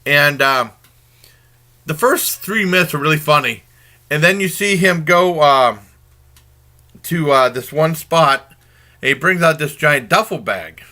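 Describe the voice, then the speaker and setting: A man's voice: fairly high pitch, a little slow, long pauses, bright, forceful tone. A man casually reviewing a new TV comedy, retelling the plot in a rambling, informal way. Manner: informal and conversational. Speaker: TV show reviewer.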